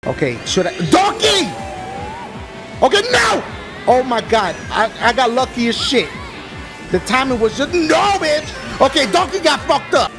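Brief: excitable male let's-play commentator, loud and profane, swooping all over. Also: very high voice. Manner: loud, profane trash talk, frequent yelling and laughter. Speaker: gaming commentator. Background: game music.

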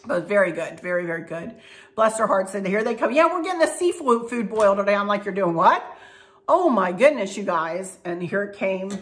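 A woman's voice: mid-range voice, expressive, moderate pace. Middle-aged lady vlogging, folksy, chatty, laughs a lot. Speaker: craft and decor vlogger. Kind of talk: casual chat to viewers.

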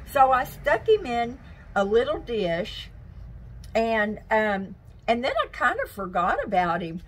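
A woman's voice: fairly high pitch, big pitch swings, takes it slowly. Chatty woman gardening outdoors. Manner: chatty, scattered, talks to plants and viewers. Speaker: gardening vlogger. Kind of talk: casual chat to camera while gardening.

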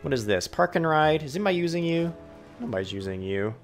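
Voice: mid-range voice, big pitch swings, fast talker, faint music behind. A let's play host doing gaming commentary, ranting at the game and talking to it as if it were a person.

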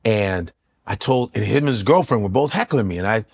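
A man's voice: fairly low pitch, lively intonation, fairly quick, darkish tone, husky. A middle-aged male comedian telling a profane, punchy story, acting out the people in it as he goes. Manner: acts out the people in his stories, profane and punchy. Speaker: comedian guest. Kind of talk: animated storytelling.

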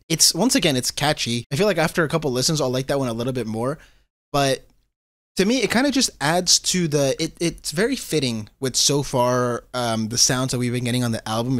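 A man giving casual, excitable commentary while reacting to an album, often repeating himself and saying "bro.". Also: medium pitch. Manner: excitable, repeats phrases, calls listener bro. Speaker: music reaction host. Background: faint hip hop music.

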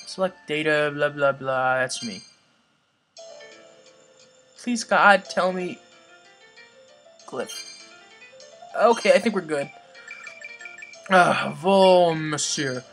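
A let's play gamer giving casual commentary, swearing often and yelling at the game. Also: medium pitch, animated, a little slow, long pauses, faint music behind. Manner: swears a lot, yells at the boss.

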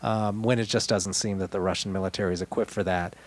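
A man's voice: deep voice, fairly even intonation, quick pace. Man in a casual political chat. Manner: conversational, digressive, with wry asides. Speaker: podcast co-host.

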